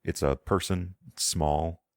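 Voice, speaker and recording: A man's voice: sits low, fairly even intonation, slow, no room sound. A man as game master, narrating a tabletop game in a meandering, descriptive way, often searching for words.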